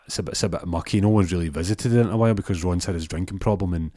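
A man spins a crude comic tale. He rambles and restarts often, and his voice is fairly low. The sound is dry and close. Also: rapid-fire, mellow, no room sound. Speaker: comic storyteller. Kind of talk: improvised comic storytelling.

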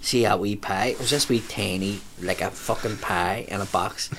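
A man's voice: fairly low pitch, normal speed. Guy spinning a yarn, cursing loads, does the voices, bit of hiss behind. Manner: sweary, animated, acts out voices. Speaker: storyteller. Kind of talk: casual storytelling chat.

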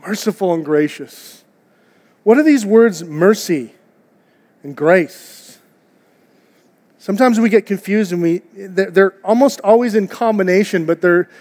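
Earnest high-voiced male preacher in a reverberant church. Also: lively intonation, measured pace, long pauses, a little mellow. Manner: earnest, conversational preaching with rhetorical questions. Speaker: pastor. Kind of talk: sermon. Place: church auditorium. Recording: long hall reverb.

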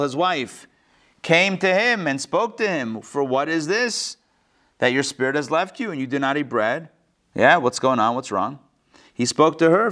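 Animated man teaching a class. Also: a little high. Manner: lively, acts out the quotes with playful modern paraphrase. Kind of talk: live lesson, reading and explaining a text.

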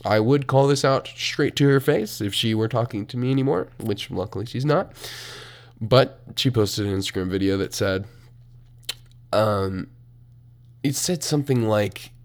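A young man in a college dorm room hosting a solo podcast, profane and animated, swinging between mumbled asides and loud outbursts. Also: mid-range voice, moderate pace. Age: young adult. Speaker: podcast host. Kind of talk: casual solo podcast rant.

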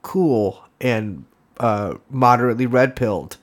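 A man co-hosting a comedy podcast who rambles through jokes with mock seriousness. He talks in loose, looping sentences full of restarts and asides. His voice sits at an ordinary pitch for a man. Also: expressive, measured pace, slight background noise. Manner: rambling, mock-earnest joking. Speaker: podcast co-host.

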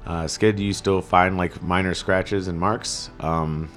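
Low-voiced man running the game. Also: steady tone, a bit bright, soft background music. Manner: casual, halting, laughs often. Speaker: dungeon master. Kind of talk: game master narration and table talk.

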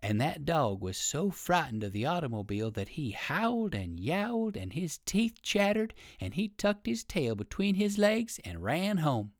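Man reading a children's story, lively. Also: on the high side, moderate pace, few pauses, no room sound, clean studio sound. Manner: lively, sing-song storytelling. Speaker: audiobook reader.

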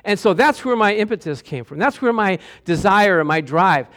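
A man with a high voice preaching a lively sermon in a church. He keeps calling out to the congregation for answers as he goes. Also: moderate pace. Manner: animated, calls out to the congregation for responses.

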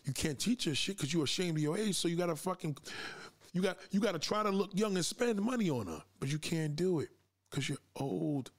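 Hosting a live podcast, this man speaks fast in a high, animated voice. He lectures his listeners through a confrontational, profane rant and dares them to push back.

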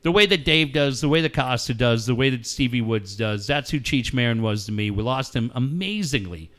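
A middle-aged man co-hosting a radio show, telling stories in animated casual chat and laughing often. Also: mid-range voice, fairly quick. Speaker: radio co-host.

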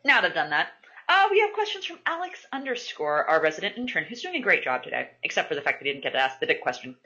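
Bright, animated woman podcast host. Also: low voice, fast talker. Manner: animated, swearing, laughing storyteller. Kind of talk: casual chat. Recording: dull lo-fi podcast audio.

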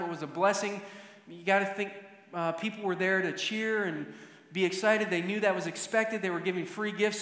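A man's voice: high voice, pushed and bright. A man telling a story to teach, acting out the scene vividly. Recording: echoey hall with long reverb.

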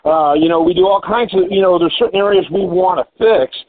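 A man hosts a casual business interview with a somewhat high, husky voice. He talks loosely, thinking aloud with fillers and repeats. The audio is thin and narrow, like a phone line. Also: a little fast. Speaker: podcast host.

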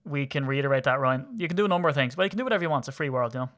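A man in his thirties from Ireland, co-hosting a podcast in quick, teasing casual chat. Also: mid-range voice, expressive, a bit bright. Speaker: podcast co-host.

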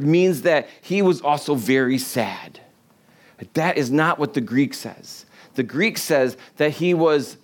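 A middle-aged man preaching a sermon in a conversational storytelling way, with lively quoted voices and soft laughs. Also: on the high side. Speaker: pastor.

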